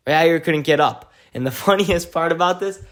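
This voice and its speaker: A man's voice: on the high side, moderate pace. Dude vlogging his fight week trip, hyped and slangy, says like a lot. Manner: excitable, slangy storytelling with many "like"s. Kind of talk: casual event recap vlog.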